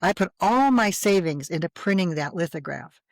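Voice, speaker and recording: Animated woman telling her story. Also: on the low side, normal speed, dry recording. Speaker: guest. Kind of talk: personal storytelling in an interview.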